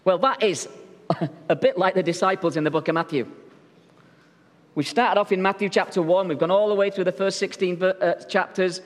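A man's voice: high voice, normal speed, long reverb tail. A male pastor preaching a sermon in a church, telling stories in a jokey, conversational way. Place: church sanctuary.

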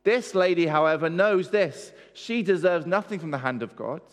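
A man's voice: a little high, animated, normal speed. A man preaching a sermon, pressing his points with rhetorical questions and repetition. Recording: long hall reverb.

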